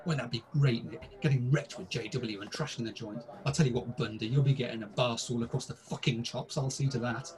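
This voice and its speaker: Co-hosting a comedy podcast, a British man theatrically runs through crude, mock-formal pub banter from a script. His mid-range, slightly mellow voice keeps fairly even intonation, moving fairly quickly with few pauses.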